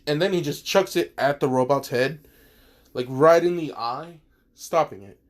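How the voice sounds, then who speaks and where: A man's voice: fairly high pitch, measured pace. A man casually retelling a fan story, rambling and swearing, with many fillers and asides.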